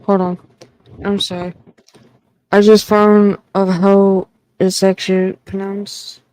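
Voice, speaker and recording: A woman's voice: mid-range voice, little pitch movement, slow pace, darkish tone, rough recording. A woman giving casual commentary on a podcast, thinking aloud and swearing freely. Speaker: podcast reviewer.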